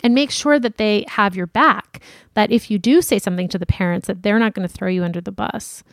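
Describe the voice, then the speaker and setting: A woman co-hosts a casual advice podcast in a chatty, encouraging way. Her voice sits at a middle pitch. It is recorded close and dry, with no room sound. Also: no room sound. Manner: chatty, encouraging, quick to laugh. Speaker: podcast co-host.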